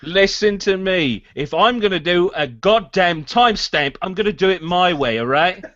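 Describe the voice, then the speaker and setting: A man doing a gruff, insistent bloke. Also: sits high, expressive, normal speed, a bit bright, no echo, dull audio. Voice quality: gruff, strained.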